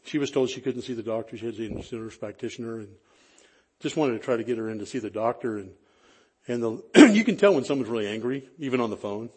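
A man with a slightly husky voice of middle pitch preaches to his congregation. He talks like he is chatting with friends, circling back and restarting his sentences, and he pokes fun at himself. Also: lively intonation, fast, darkish tone. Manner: chatty, self-deprecating, frequent restarts. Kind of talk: conversational sermon storytelling.

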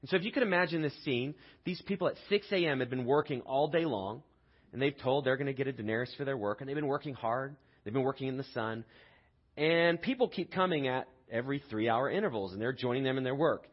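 A man gives a sermon in an easy, conversational way, asking his listeners to picture the scene. His voice is somewhat husky. The recording sounds dull and lo-fi. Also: medium pitch, quick pace. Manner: conversational storytelling, rhetorical questions. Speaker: pastor.

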